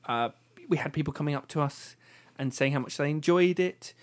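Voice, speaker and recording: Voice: mid-range voice, a little fast. Enthusiastic podcast host. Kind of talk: casual chat.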